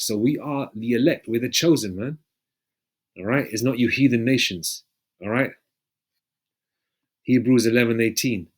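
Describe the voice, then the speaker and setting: A man preaching in a loose, rambling way, often pausing to check in with his listeners and swearing freely. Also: medium pitch, slightly rough. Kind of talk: casual street-style preaching with scripture readings.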